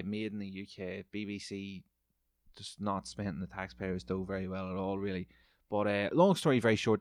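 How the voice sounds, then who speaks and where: A man's voice: on the low side, no echo. A man hosting a podcast, delivering a rambling, profane, sarcastic comedic rant on his own. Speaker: podcast host.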